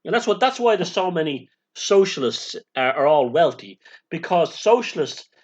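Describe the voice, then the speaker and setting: A man's voice: on the high side, big pitch swings, moderate pace. A middle-aged man with a sardonic, opinionated manner, rambling in a casual monologue as a vlogger. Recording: dull lo-fi sound.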